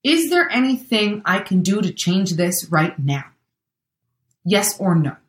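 A woman's voice: medium pitch, sing-song, unhurried, roomy sound, slight background noise. A woman giving a chatty motivational talk, acting out everyday scenarios with exclamations.

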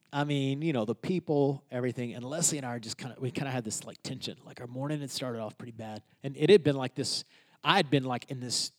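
A man who is a pastor telling a personal story in a sermon, moving between loud, emphatic lines and quiet, hushed ones. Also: medium pitch.

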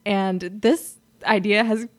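A woman's voice: mid-range voice, fairly even intonation, slow pace. A woman co-hosting a casual fan podcast, explaining things with enthusiasm and laughing often. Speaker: podcast co-host.

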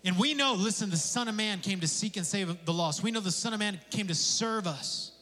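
A man preaching a sermon as pastor, conversational and animated, with casual asides and jokes. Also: high voice, brisk. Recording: long hall reverb.

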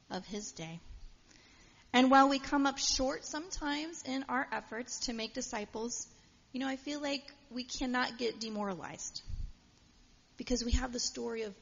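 A woman's voice: medium pitch, a bit bright. A woman preaching a sermon in a casual, storytelling way with frequent fillers, in a church. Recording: dull sound with long hall reverb.

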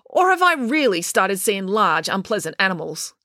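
A woman voicing a fiery teenage girl with an indignant, excitable manner. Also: mid-range voice, normal speed, no echo, clean studio sound, pitched above the performer's own voice.

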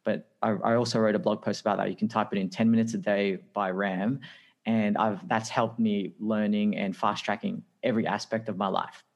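Aussie guy on a podcast, chatty storyteller, laughs a lot, lowish voice. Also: a little fast. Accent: Australian. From Australia. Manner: lively anecdotal, acts out dialogue, laughs often. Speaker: podcast guest. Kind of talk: casual interview storytelling.

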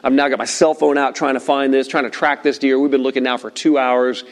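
A middle-aged man preaching to a room of listeners at tables, telling a story in a lively way and acting out the lines he quotes. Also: medium pitch, a little fast. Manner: animated storyteller, acts out shouted quotes. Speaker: pastor. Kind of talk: sermon with personal story.

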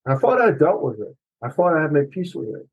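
Middle-aged man, husky voice, candid and confessional, dull lo-fi sound. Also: a little high, sing-song, fast talker. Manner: emotional, earnest and confessional, mild swearing. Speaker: author and podcast guest. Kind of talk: candid personal storytelling.

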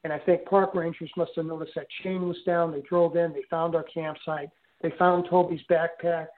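Older man, interview guest, halting storyteller, frequent fillers, tinny phone audio. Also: on the high side, level tone. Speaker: guest recounting an experience.

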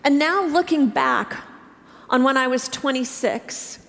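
A woman in her fifties preaching a sermon to her church, telling a personal story earnestly, with halting restarts. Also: sits high, creaky, a bit bright. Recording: reverberant hall.

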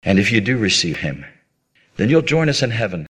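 A man's voice: lowish voice, sing-song, brisk, fairly bright tone, breathy edge. A man preaching a sermon in an earnest, appealing way, with dramatic rises and drops in his voice.

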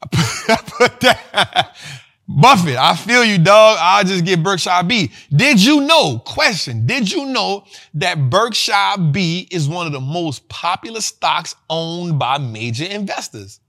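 Man, livestream host, slangy and animated, forceful bright tone, slightly high voice. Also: measured pace. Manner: slangy, animated, repeats himself. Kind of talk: livestream finance talk.

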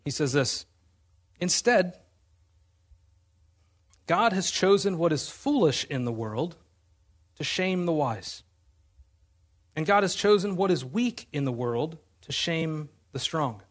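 Pastor, male, fairly high husky voice, earnest emphatic sermon delivery. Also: lively intonation, takes it slowly, long pauses. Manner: earnest, emphatic preaching with rhetorical questions.

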